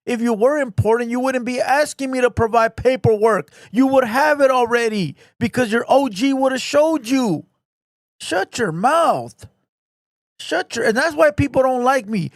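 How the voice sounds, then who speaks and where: A man's voice: very high voice, dry recording, clean studio sound. A man hosting his own channel, delivering a profane, confrontational rant and ending his lines with 'bro'. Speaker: channel host. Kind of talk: ranting commentary.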